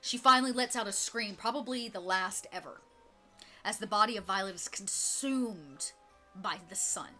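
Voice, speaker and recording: A woman's voice: mid-range voice, moderate pace, pushed and bright, soft background music. A woman narrating a tabletop role-playing game as game master, in a loose, chatty way with many fillers.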